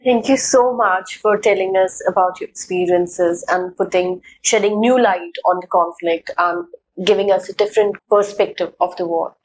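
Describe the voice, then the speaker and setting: A woman hosting an interview, asking questions and thanking her guest in a polite, measured way. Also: medium pitch, steady tone, slight background noise, rough recording. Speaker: host.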